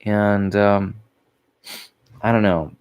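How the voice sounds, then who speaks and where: This vlogger sounds sleepy and worn out, drifting through a casual ramble where he yawns, loses track and chuckles quietly at himself. He has a lowish, smooth voice with little pitch movement and drawn-out words, and the recording is muffled.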